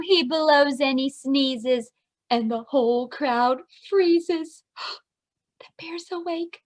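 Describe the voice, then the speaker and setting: A woman preschool teacher reading a picture book aloud to young children and explaining it in an expressive way. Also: sits high, slow.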